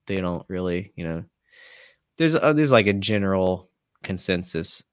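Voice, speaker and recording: Smooth-voiced young man telling stories. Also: low voice, moderate pace, no echo. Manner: animated, profane, mimics people in quotes. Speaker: guest musician. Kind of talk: casual storytelling chat.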